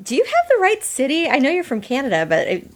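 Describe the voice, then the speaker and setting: A woman's voice: sits high, wildly swooping pitch, quick pace. A woman from Boston, a guest on a podcast, chatting casually with laughing, self-deprecating asides. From Boston, USA.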